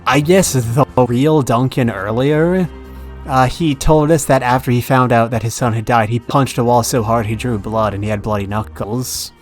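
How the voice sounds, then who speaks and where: Guy streamer mulling over clues, umms and restarts, quiet music behind. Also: medium pitch, normal speed. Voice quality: hesitant, thinking aloud with fillers. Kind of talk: game reading and commentary. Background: game background music.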